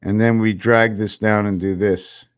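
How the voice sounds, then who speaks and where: A man hosting his own channel, musing in a halting way, counting and spelling things aloud while drawing, a little out of breath. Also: lowish voice, flat delivery, clear, resonant tone. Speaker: channel host. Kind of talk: rambling numerology talk while drawing. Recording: slightly dull lo-fi recording.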